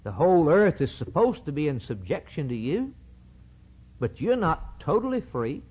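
A sly male serpent teases and insinuates, as a preacher puts him on. The voice rides up high and lurches through wide swings of pitch, pressing incredulous questions. The recording is muffled and lo-fi. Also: very animated, normal speed, darkish tone, slightly rough. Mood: flattering. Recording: dull lo-fi recording.

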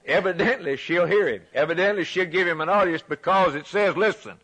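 A man preaching a sermon, emphatic and repetitive, rising loud for scripture and dropping quiet for key points. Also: high voice, a little fast. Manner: emphatic, repeats phrases, swings from loud to quiet; reads scripture aloud in a raised voice.

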